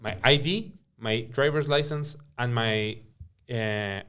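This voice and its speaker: A man's voice: mid-range voice, slow pace, clean tone. Emphatic man with a Guatemalan Spanish accent. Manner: emphatic, animated, repeats words while searching for them. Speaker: podcast host. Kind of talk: casual podcast conversation.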